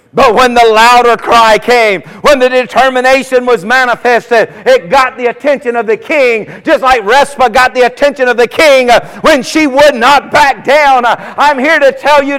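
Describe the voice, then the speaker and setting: A man preaching an impassioned sermon that swells into shouted cries, in a church. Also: very high voice, clean tone. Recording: long hall reverb.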